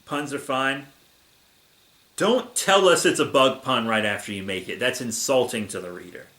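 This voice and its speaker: A man's voice: medium pitch, normal speed, bright, forceful tone, reverberant. A young man hosting a comedic fan fiction reading, sarcastic and exasperated.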